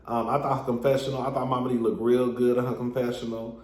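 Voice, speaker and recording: A man giving a sassy, animated casual recap of a reality show, talking straight to his viewers. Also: mid-range voice, moderate pace, echoey room. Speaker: reality TV reviewer.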